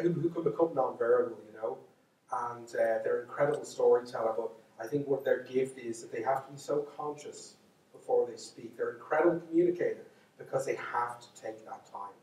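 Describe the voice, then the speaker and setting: A man's voice: mid-range voice, darkish tone. Man, Dublin Irish accent, storyteller, rambling jokey asides, very echoey hall, distant mic. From Ireland. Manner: chatty, joking and self-mocking, many asides and restarts. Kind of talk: storytelling lecture to a live audience. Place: lecture hall.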